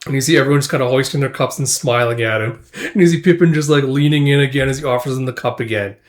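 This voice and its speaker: A man's voice: mid-range voice, fast talker. Male comic recap host, casual, rambling narration. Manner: rambling, says "it's like" and "you see" often.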